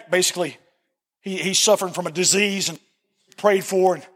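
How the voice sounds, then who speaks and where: Male pastor, high voice, earnest and repetitive sermon delivery, long church-hall reverb. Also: a bit bright. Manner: earnest, repeats phrases for emphasis. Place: church sanctuary.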